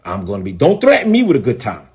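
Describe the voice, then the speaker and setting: Emphatic, animated New preacher. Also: male voice, fairly low pitch, fast. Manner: emphatic, repeats phrases, defiant. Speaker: bishop and preacher. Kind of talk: live-stream rant.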